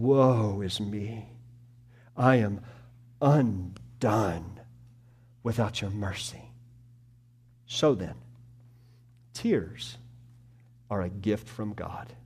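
A pastor preaching a sermon, moving between slow, hushed tender passages and loud emphatic stretches. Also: male voice, medium pitch, breathy edge.

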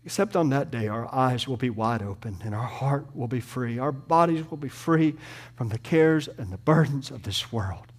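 A man preaching a sermon, swinging from loud, rapid lists to hushed, near-whispered passages. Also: medium pitch.

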